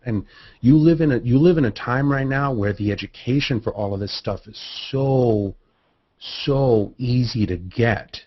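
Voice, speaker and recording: A man on a photography panel, talking in an animated, rambling way with many restarts, over a video call. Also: mid-range voice, unhurried, husky, highs cut off. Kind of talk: casual panel discussion.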